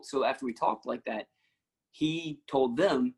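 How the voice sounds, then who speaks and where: A man with a husky, slightly rough voice spins a long, animated story as a guest. He acts out the lines of the people he quotes and breaks into laughter often. His tone stays relaxed and conversational. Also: medium pitch, moderate pace, poor audio. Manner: animated anecdotes, acting out quotes, frequent laughs. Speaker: actor and musician, guest. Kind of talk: casual storytelling.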